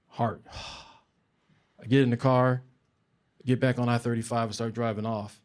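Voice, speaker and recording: A man telling a funny personal story on stage in a conversational, animated way, repeating phrases for comic effect. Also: medium pitch, a little slow, long pauses. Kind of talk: live comedic storytelling.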